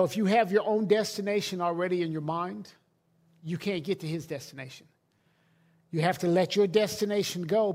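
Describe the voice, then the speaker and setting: A man's voice: high-pitched, darkish tone. A middle-aged male pastor preaching a sermon to a congregation in a conversational way, often restarting his sentences. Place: church hall.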